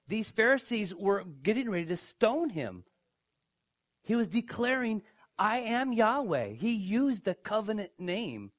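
A man preaching a sermon, emphatic, who asks his listeners questions and swings from hushed to loud. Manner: emphatic, dramatic swings in pitch and loudness. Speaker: pastor.

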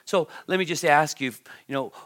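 A pastor preaches with a voice pitched a little higher than most men's. He leans hard on key words and then drops to quiet asides, and he often repeats himself as he goes. He turns to the congregation with direct questions. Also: normal speed. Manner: emphatic, swings between loud stresses and quiet asides, repeats words. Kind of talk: sermon.

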